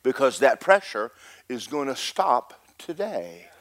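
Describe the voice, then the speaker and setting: A middle-aged man preaching a sermon as pastor, rising to a loud rhythmic peak and slipping in joking asides to the congregation. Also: mid-range voice, big pitch swings, a little slow.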